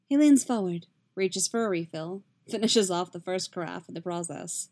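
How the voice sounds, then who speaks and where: A woman reading a story aloud in a soft, steady, intimate narration. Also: fairly low pitch, normal speed, hardly any pauses. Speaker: reader. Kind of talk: audiobook-style fiction reading.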